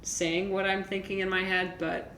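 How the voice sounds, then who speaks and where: A woman's voice: mid-range voice, level tone, normal speed, a bit bright. A woman streamer, chatting casually with viewers in a rambling way, full of fillers and restarts. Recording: echoey room with faint noise.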